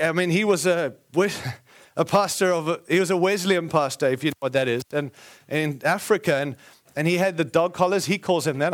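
A man with a high voice delivers a sermon as a lively story. He acts out quoted lines and often breaks off to correct himself or add an aside. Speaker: preacher.

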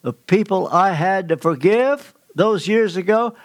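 An older man preaching a sermon, telling stories with emphatic swings in pitch. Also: lively intonation, measured pace, no room sound. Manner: storytelling, emphatic with sudden pitch leaps.

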